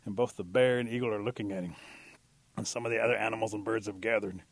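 A man telling a traditional animal story in a relaxed, unhurried, folksy way. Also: lowish voice, no room sound.

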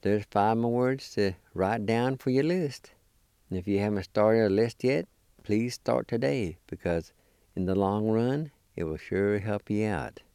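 Slow, deliberate male language teacher. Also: lowish voice, dark tone, clean tone, no echo, studio quality. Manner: slow, deliberate, spells out syllables one by one. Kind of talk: radio language lesson.

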